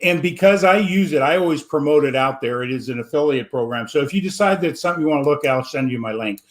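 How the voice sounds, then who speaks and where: A man with a fairly high voice talks on a video call, circling around his point with plenty of restarts. He slips into a friendly sales pitch. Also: lively intonation, fast talker. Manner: rambling, salesy, many restarts. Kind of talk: casual interview chat.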